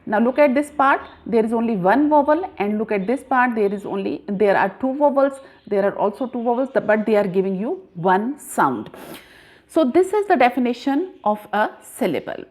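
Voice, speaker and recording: A woman teaching a grammar lesson, explaining slowly and repeating points, with frequent pauses. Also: a little high, lively intonation, a little mellow. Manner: slow, deliberate, repeats points with many "uh" pauses. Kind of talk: classroom lesson explaining syllables.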